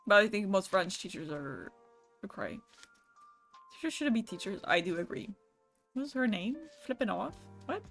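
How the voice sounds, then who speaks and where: A woman's voice: medium pitch, a bit bright. Casual swearing young woman streamer. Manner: chatty, swears casually, laughs often, greets chat. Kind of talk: casual livestream chat with viewers.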